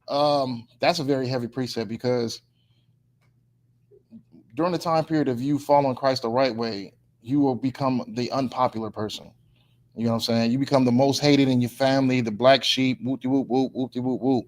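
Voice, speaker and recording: A man teaching a casual Bible class. He reads scripture slowly and deliberately, then preaches in a loose, colloquial way and keeps asking his listeners if they follow him. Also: medium pitch, steady tone, a little mellow. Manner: slow, deliberate scripture reading.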